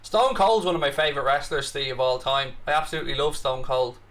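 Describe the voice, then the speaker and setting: An Irish man hosting a live football watchalong stream, chatting casually, reading out viewer comments and breaking into excited reactions. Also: medium pitch, fast talker. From Ireland.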